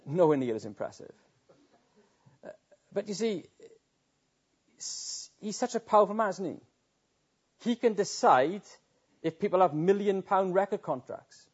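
A man's voice: sits high, animated, a little slow, long pauses, breathy edge. A man preaching an evening sermon, earnest and rhetorical, often restarting his words. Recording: dull lo-fi recording.

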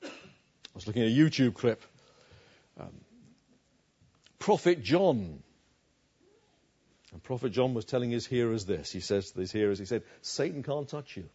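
A male preacher giving an emphatic sermon, swinging from loud declarations to hushed asides. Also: mid-range voice, animated, normal speed, long pauses, husky, lo-fi sound.

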